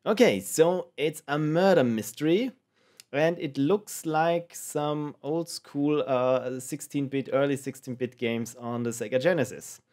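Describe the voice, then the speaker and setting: A man's voice: on the high side, unhurried, darkish tone. A man hosting a let's play, joking playfully and thinking aloud as he tries out a game. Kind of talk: game commentary.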